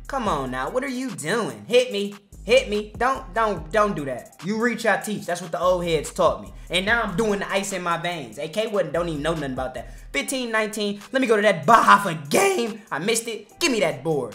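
A young man doing casual, slangy commentary over his basketball video game, trash-talking and sometimes shouting or singing. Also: high voice, very animated, brisk, faint music behind. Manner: hyped slangy trash talk, sings and shouts over play. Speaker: gaming YouTuber.

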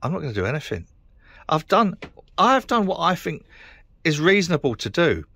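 A man's voice: fairly high pitch, sing-song, moderate pace, vocal fry, sharp tone. A middle-aged man with a British accent, ranting to camera in a frustrated, sweary, rambling way. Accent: British English. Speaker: vlogger. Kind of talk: casual rant to camera.

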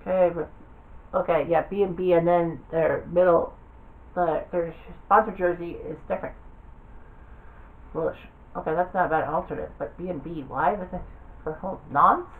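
A woman's voice: lowish voice, steady tone, moderate pace, pauses often, narrow, tinny audio. A woman giving offhand, rambling commentary while browsing a game, thinking aloud as she goes. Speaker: gaming video creator.

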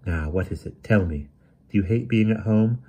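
A man voicing a brisk, severe young woman who speaks in a crisp, emphatic, commanding way. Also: medium pitch, animated, mellow, lo-fi sound, pitched above the performer's own voice.

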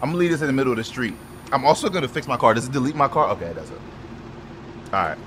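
A man giving loud, profane, excitable commentary over his car game, with quick shouted outbursts. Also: medium pitch. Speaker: gaming YouTuber. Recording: noisy game audio behind the voice.

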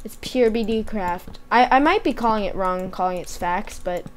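A woman's voice: mid-range voice, normal speed. A young woman hosting a casual game video, chatting and narrating her own moves as she plays. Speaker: gaming channel host. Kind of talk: casual let's-play chat.

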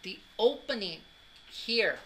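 A man's voice: high voice, animated, slow, fairly bright tone, a little hiss or hum, rough recording. A man giving a classroom anatomy lecture, joking and quizzing students as he goes. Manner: joking, drills students with questions.

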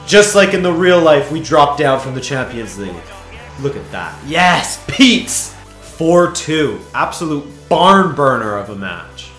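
A man commentating his own football video game, muttering then yelling with excitement, his voice going hoarse. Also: a little high, echoey room. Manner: excitable, swings from mutters to shouts. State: losing his voice. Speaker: gaming YouTuber.

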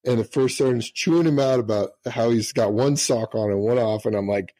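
A man's voice: medium pitch, brisk, few pauses, mellow. A middle-aged man, a retired senior master sergeant, telling profane, laughing anecdotes in casual storytelling.

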